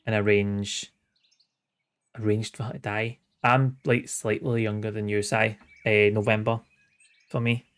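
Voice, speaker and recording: Soft background music plays behind a late-thirties man doing casual let's-play commentary, sweary and wry, chuckling as he reads the game's dialogue aloud. He speaks in a smooth, lowish voice with a level tone and measured pace.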